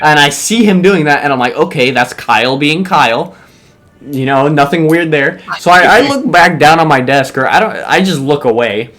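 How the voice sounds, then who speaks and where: A man's voice: a little high, normal speed. A young man casually telling a funny school story, swearing often and laughing as he goes. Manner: animated, profane, laughs while telling.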